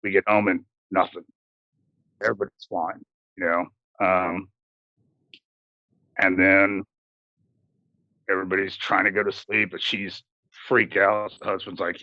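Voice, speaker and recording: Male podcast co-host, low-pitched and forceful, casual rambling film recap, dry lo-fi sound. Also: level tone, a little slow, long pauses, dry recording. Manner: rambling recap with fillers and swearing. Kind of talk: casual film review chat.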